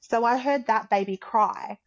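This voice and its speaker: A woman's voice: a little high, unhurried, dull audio. A woman guest on a podcast, casually telling a personal story in a chatty way, full of "like" and acting out what others said. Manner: chatty, acts out quotes, many "like" fillers.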